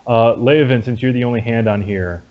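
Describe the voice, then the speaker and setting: A man narrating as dungeon master in a relaxed, halting way with many fillers. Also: mid-range voice. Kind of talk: narrating a tabletop game. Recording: dull lo-fi audio.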